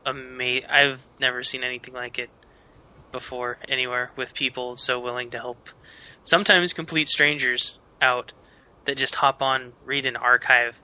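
Bright-voiced eager man. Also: medium pitch, fairly even intonation, normal speed, low-quality recording. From Washington state. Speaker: podcast co-host. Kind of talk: casual chat.

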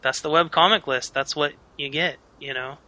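A man's voice: on the high side, moderate pace, sharp tone, rough recording. A man from Washington state co-hosting a casual podcast chat, talking eagerly about webcomics. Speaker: podcast co-host.

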